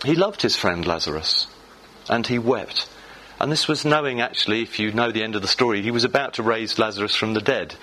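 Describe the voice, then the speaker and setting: A man's voice: fairly low pitch, fairly quick, sharp tone, rough recording. A man preaching a sermon in church, reading scripture and talking to the congregation in a loose, conversational way with fillers and restarts.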